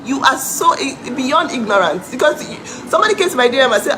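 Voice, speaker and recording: A woman's voice: high voice, animated, brisk, few pauses, music in the background, rough recording. A young woman from Nigeria ranting to her followers, indignant and mocking, breaking into disbelieving laughs. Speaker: vlogger. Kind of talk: heated live rant to followers.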